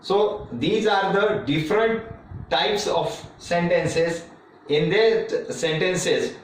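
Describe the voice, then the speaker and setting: A man teaching a classroom lecture on reading methods, talking slowly and repeating himself, with many fillers and restarts. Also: on the high side, recorded from a distance, a little hiss or hum. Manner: slow and repetitive, with frequent fillers and restarts. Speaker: teacher educator. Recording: echoey room, speaker away from the mic.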